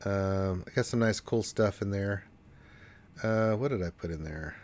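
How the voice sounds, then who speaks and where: Congested guy w allergies on a gaming stream, kinda low voice, rambly, swears a lot. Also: a little slow, darkish tone. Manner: rambling, profane asides. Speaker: livestream host. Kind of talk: casual livestream chat.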